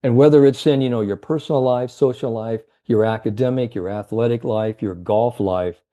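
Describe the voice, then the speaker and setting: A man's voice: mid-range voice, normal speed, warm tone, dull audio. A man telling a motivational story as a guest coach, earnest and rallying, with many fillers. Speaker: confidence and mindset coach, guest.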